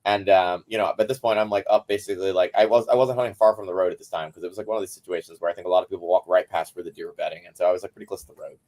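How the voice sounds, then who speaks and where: A man with a fairly low voice tells a story as a podcast guest, talking fast. His delivery is loose and rambling, with "like" dropped in all the time. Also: fairly even intonation, darkish tone. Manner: rambling, heavy use of "like" fillers. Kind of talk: casual storytelling chat.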